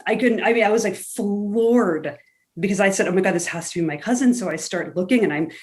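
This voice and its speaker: A woman actor telling a long story on a video call, chatty and animated, acting out what people said. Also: mid-range voice, fairly quick. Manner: animated, chatty storyteller who acts out quotes.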